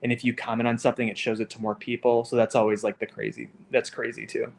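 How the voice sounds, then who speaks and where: A man co-hosts a relaxed live stream chat over a call mic, his voice sitting at an ordinary middle pitch. He rambles along and fills his sentences with "like" and "um.". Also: fast, creaky. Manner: rambling, heavy on fillers like "like" and "um". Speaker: co-host. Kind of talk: casual livestream chat.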